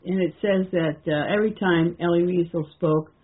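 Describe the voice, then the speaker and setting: An older woman hosting a call-in radio talk, rambling and halting with many restarts and fillers. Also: fairly low pitch, breathy edge. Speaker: radio show host. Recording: tinny phone-line sound.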